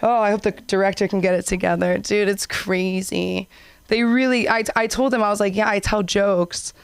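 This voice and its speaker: A young woman doing a stand-up comedy set and hosting an open mic, animated and acting out characters in high voices. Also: fairly quick, creaky, clean tone, no room sound. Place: comedy club stage.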